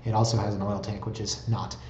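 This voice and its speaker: A man's voice: fairly low pitch, flat delivery, quick pace, warm tone, slight background noise. A chatty man with a middle-range voice gives casual, sarcastic commentary on home listings and often wanders off on tangents. The sound is roomy and a little dull. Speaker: real estate blogger. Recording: roomy, slightly dull recording.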